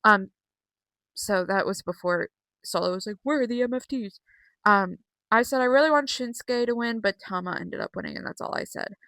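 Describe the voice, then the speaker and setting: A woman's voice: mid-range voice, moderate pace, a bit bright, no room sound, poor audio. A young woman chatting casually from her bedroom, rambling with many fillers as she recaps wrestling shows. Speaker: wrestling vlogger. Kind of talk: casual chat.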